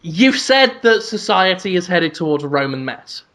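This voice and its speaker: Male podcast co-host; high, bright voice, unhurried deadpan delivery. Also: a little hiss or hum. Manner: deadpan, absurd joking. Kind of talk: casual comedic chat.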